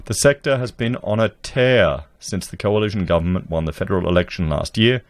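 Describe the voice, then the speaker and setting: A man's voice: on the low side, dry recording. Sarcastic man hosting commentary. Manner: sarcastic, talks to viewers as guys. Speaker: commentary channel host. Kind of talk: casual commentary reading news aloud. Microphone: desk podcast mic.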